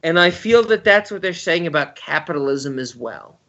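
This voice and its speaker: A man's voice: fairly high pitch, animated, normal speed, a bit bright, lo-fi sound. Emphatic man riffing on a podcast. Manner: emphatic, opinionated, jokey. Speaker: podcast co-host. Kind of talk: casual podcast banter.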